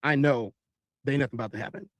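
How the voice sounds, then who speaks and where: A man telling a long story in animated style, acting out other people's voices. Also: mid-range voice, rapid-fire, no echo. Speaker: podcast host telling a story.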